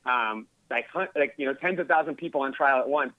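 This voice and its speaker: A man's voice: mid-range voice, fast, dry recording, narrow, tinny audio. A male caller on a phone-in show, talking in a casual, rambling way with lots of fillers. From Los Angeles area. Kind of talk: phone-in conversation.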